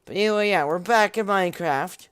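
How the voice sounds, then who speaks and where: A young man in a goofy, rambling gaming-vlog voice, pitched a bit high for a man. He keeps restarting his sentences and mocking himself. Keyboard typing can be heard behind him. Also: brisk, fairly bright tone, smooth. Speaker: gaming vlogger. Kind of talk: rambling casual gameplay commentary.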